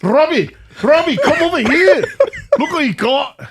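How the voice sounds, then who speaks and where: A man's voice: extremely high pitch, lively intonation, unhurried, background noise, voice pushed up, heavily acted. A man voicing an amazed male Scottish soccer fan with a put-on Scottish accent, exclaiming in disbelief. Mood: gushing amazed.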